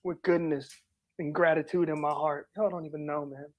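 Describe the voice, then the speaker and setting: Tearful man pleading with halting repetition. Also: fairly high pitch, steady tone, muffled recording. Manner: pleading, halting, repeats himself. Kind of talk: emotional appeal to viewers.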